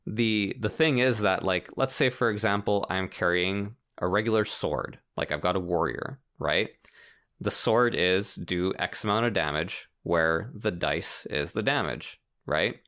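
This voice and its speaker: Man, low voice, casual podcast chat, animated, laughs a lot. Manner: animated, laughs often, fast asides. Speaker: podcast co-host. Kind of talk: casual chat about video games.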